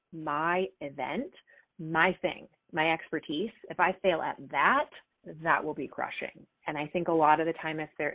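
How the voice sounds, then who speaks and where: Middle-aged female coach, lively interview guest, dry narrow phone-quality audio. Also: deep voice, dry recording. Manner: animated, acts out quoted dialogue with fillers. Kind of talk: conversational interview answers. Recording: tinny phone-like line, dry.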